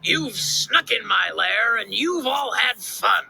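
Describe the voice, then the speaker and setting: A woman's voice: fairly high pitch, expressive, gravelly, sharp tone, slightly rough, full character voice, poor audio. Woman putting on a sulking grumpy bear. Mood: sulky. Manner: complaining, drawn-out. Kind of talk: storybook read-aloud. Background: background music.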